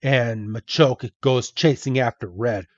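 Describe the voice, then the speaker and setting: On dull, echo-free audio, a male podcast host of medium pitch talks through a comic's plot. His delivery is slow and conversational, full of self-corrections.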